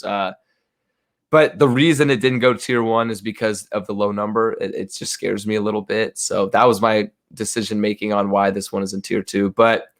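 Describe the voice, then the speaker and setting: A man's voice: medium pitch, fairly bright tone. A young man hosts a sports betting segment in his natural speaking voice. He talks casually and confidently through his picks, with loose fillers and conversational asides. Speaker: sports betting show host.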